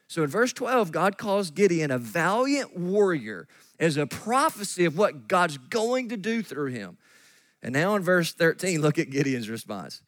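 A man preaching a sermon as pastor, animated and acting out the voices of the people in his story. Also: on the high side, unhurried, no room sound. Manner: animated, acts out quoted voices of God and Gideon. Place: church sanctuary.

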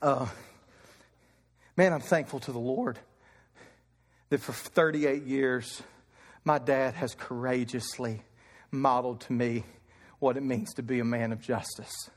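A man's voice: mid-range voice, fairly even intonation, measured pace, pauses often, long reverb tail. A man in his thirties from Kentucky preaching a fervent sermon, telling stories from the pulpit. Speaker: pastor.

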